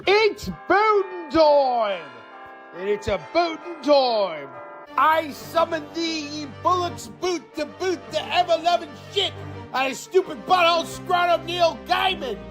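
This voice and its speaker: A woman voicing a zany, crude summoner in a comedy sketch, shouting in a mangled old-timey dialect over music. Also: very high-pitched, expressive, unhurried. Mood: gleeful, manic. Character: zany shrieking cartoonish summoner, crude and manic. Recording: music playing behind.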